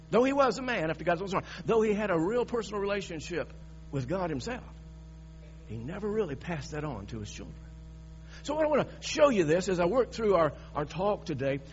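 A male preacher delivers his sermon with emphatic, dramatic force, often stumbling and restarting mid-sentence. His voice sits a bit high for a man. The recording is dull and muffled, with a faint mains hum underneath.

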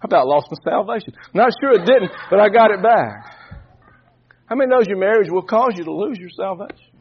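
A man's voice: sits high, lively intonation, a little fast, muffled recording. A man preaching a sermon, telling a folksy story and often repeating and restarting words.

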